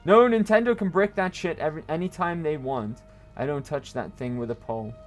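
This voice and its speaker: A man's voice: on the high side, brisk, faint music behind. A man chatting and joking loosely while streaming a video game, rambling and swearing now and then. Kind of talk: casual gameplay commentary.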